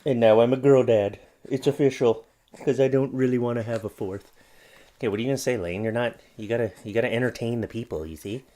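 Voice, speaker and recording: A man hosting a casual home vlog, talking playfully and gently to his baby in his home office. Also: mid-range voice, fairly even intonation, quick pace. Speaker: YouTube host and new father. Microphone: studio microphone.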